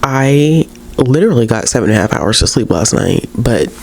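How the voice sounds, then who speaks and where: A woman book vlogger in a casual chatty vlog, tired and low on energy, rambling and correcting herself, slangy and talking straight to her viewers. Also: lively intonation, normal speed, gravelly, a little mellow. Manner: rambling, self-correcting, laughs often.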